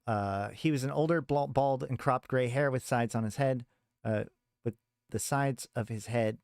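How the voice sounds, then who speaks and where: A man's voice: medium pitch, moderate pace, a little mellow, clear, resonant tone, dry recording, studio quality. A man streaming a casual talk on game lore and reading a story aloud, rambling with many restarts.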